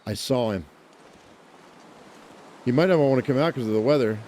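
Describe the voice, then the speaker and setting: A man talks through a survival game as he plays, muttering plans to himself and joking with viewers. His voice is mellow and warm, sitting at an ordinary pitch. He breaks into playful exclamations when things go wrong. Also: moderate pace, slight background noise. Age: adult, owns a dog. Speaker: let's play gamer. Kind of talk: casual gameplay commentary.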